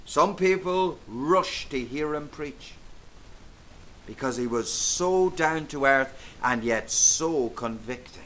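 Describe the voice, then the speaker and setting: Male preacher, sermon delivery, measured and emphatic, crisp forceful tone. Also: mid-range voice, animated, a little hiss or hum. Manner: emphatic, deliberate preaching with repeated phrases.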